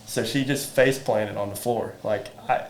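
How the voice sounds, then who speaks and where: A man's voice: on the low side, steady tone, unhurried, a little hiss or hum. A man, a guest telling easygoing stories in a casual podcast chat. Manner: easygoing, storytelling. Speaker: podcast guest, metals company rep. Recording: roomy echo with faint ambience.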